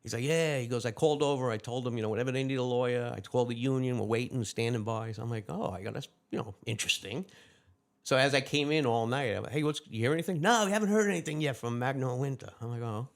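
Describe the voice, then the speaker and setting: This gravelly-voiced retired lieutenant, pitched in the middle range, is a guest in a casual interview. He tells his stories fast and with plenty of energy, voicing the other characters' quoted lines as he goes.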